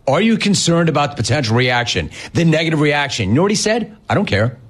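A man's voice: a little high, sing-song, quick pace. A man hosting a sports talk show, ranting in a sarcastic, mocking, incredulous way. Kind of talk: opinionated sports rant.

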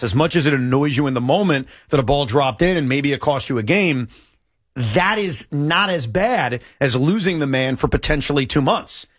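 A man hosting a sports talk radio show, making his case with a lively, rising and falling delivery. His voice sits a bit high for a man. The studio sound is dry and close. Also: dry recording.

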